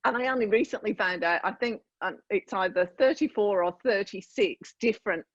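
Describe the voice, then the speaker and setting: A woman in her fifties from northern England, chatting as a podcast guest over a remote call, lively and full of restarts. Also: mid-range voice, brisk, no echo, dull audio. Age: 50s. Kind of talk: casual interview chat.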